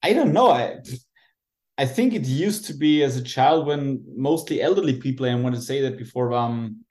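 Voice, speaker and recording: A man's voice: mid-range voice, animated, moderate pace, darkish tone. Man in his thirties, hesitant. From Austria. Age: 30s. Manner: hesitant, many fillers and restarts, easygoing. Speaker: guest, moped club president. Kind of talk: casual podcast interview.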